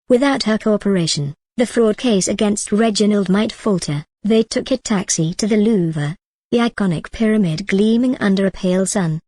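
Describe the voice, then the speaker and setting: A woman storyteller giving a scripted narration of a dramatic story in an even, unhurried way. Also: mid-range voice, dry recording.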